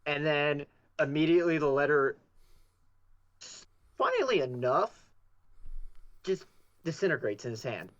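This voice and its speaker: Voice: medium pitch, expressive, measured pace, pauses often, no echo. A game master narrating a tabletop game in a playful way. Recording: dull, dry home mic.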